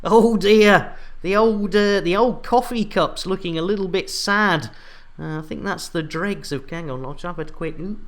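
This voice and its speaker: An Englishman streams a space game live, reading viewers' messages and joking with them in a chatty, bantering way. His voice is high-pitched and fairly bright, at a normal speed.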